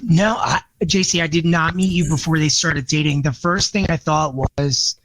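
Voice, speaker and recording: A man from Pennsylvania, a podcast guest, chatting in an animated, enthusiastic way. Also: fairly high pitch, moderate pace, no room sound, low-quality recording. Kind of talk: casual podcast chat.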